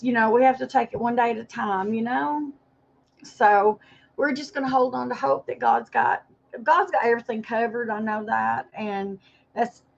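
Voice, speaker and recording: A woman chatting on a livestream, rambling and apologetic as she talks to viewers by name. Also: a little high. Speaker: livestream host. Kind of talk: casual livestream chat. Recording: dull lo-fi livestream audio.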